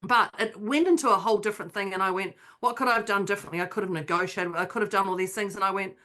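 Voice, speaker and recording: A podcast co-host tells a story in casual chat at a rapid-fire pace, her medium-pitched voice sitting in the middle of the usual range. She's an animated storyteller, slipping into the voices of the people involved and acting out her own quotes.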